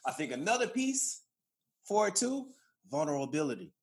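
A man's voice: a little high, big pitch swings, moderate pace, breathy edge. A man co-hosting a podcast, talking in a laid-back, reflective way and telling his own stories. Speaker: podcast co-host. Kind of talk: casual chat.

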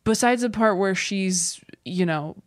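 A woman co-hosting a casual chat, animated and quick to give her opinion, with a lot of "like" in her speech. Her voice sits at an average pitch. The sound is dry and close. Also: dry recording. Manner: animated and opinionated, heavy use of "like". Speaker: podcast co-host.

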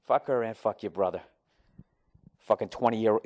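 A man telling a story in a casual, profane, rambling and animated way, then giving blunt advice. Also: fairly low pitch, normal speed.

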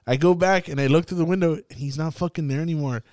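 Smooth-voiced man swapping stories, dry sound. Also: a little high, fast talker, no echo. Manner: profane, animated storyteller acting out scenes. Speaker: podcast host. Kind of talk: casual chat.

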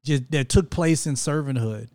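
A man's voice: mid-range voice, normal speed, no echo, studio quality. A young man from Georgia, telling his story as a guest in a casual faith-based chat, acting out the people he quotes. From Georgia, USA. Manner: animated, acts out quoted people.

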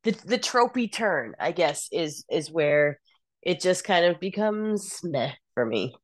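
Podcast co-host, female, lowish voice, frank and animated, dry close mic. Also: unhurried, no echo. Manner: frank, animated, sighing opinions. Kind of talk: casual chat.

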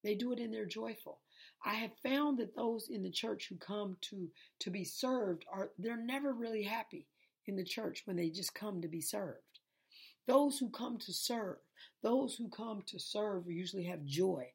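Tired woman preaching, gravelly. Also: mid-range voice. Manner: repetitive, conversational preaching with restarts. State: tired and sleepy. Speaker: preacher hosting an online Bible lesson. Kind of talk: informal sermon.

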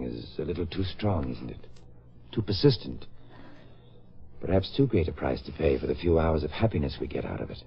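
A man's voice: a bass voice, creaky, slightly rough, heavily acted. A man playing a devoted, anxious lover in earnest 1950s radio drama style. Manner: earnest, lively, pleading delivery. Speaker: actor. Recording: dull vintage radio recording with faint noise.

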